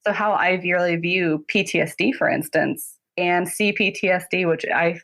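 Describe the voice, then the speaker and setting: A woman guest therapist talking casually in an interview, chatty and quick, laughing often and saying "like" a lot. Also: lowish voice, a bit bright. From North Carolina, US.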